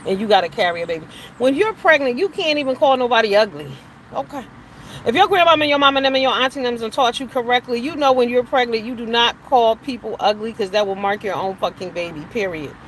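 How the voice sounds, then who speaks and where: A woman's voice: a little high, lively intonation, fast, low-quality recording. Brief: middle-aged woman, show host, emphatic and profane opinion talk, faint background hiss. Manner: blunt, profane, emphatic, preachy asides. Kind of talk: opinionated casual commentary.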